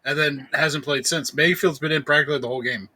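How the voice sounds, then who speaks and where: A man co-hosting a podcast, giving quick casual updates on a football game he is watching. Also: a little high, steady tone, bright, forceful tone. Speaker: podcast co-host.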